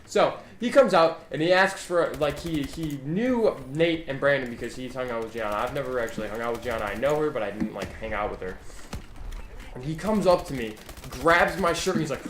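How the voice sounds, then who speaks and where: A man's voice: mid-range voice, lively intonation, brisk. A young man telling a story in a casual, rambling vlog, swearing often and restarting his sentences. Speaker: YouTuber. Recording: roomy echo, faint background hum.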